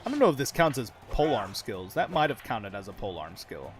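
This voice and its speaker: A man's voice: fairly low pitch, sing-song, brisk, soft background music. A man giving casual, chatty commentary over his own gameplay, swearing freely and laughing often as he talks to his viewers. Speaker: gaming channel host.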